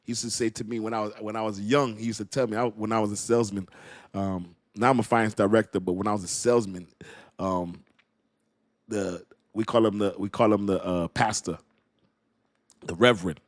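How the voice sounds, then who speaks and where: Laid-back, slangy crypto stream host. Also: male voice, lowish voice, fairly even intonation, a little fast, no room sound, clean studio sound. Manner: laughs often, slangy, repeats phrases. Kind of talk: casual livestream chat.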